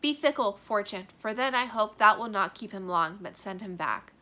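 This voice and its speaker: A lovesick young girl speaks in heightened, emphatic verse, read aloud by a woman. Her voice is bright and ringing, and she stresses each word with feeling. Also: medium pitch, animated, normal speed. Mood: anguished. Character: young lovesick girl, Juliet, anguished and passionate. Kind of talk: dramatic reading of a play.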